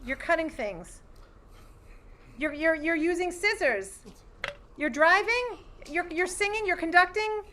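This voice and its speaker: A woman improv player on a video call, firing off repeated guesses in an excited rush. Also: extremely high pitch, a little hiss or hum. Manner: rapid-fire, repetitive guesses. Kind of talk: excited rapid guessing game.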